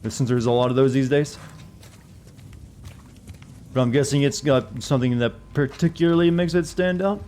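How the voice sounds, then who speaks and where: A man's voice: medium pitch, normal speed, pauses often, darkish tone. Rambling joking male game streamer. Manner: rambling, joking, self-deprecating. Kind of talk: casual gameplay commentary.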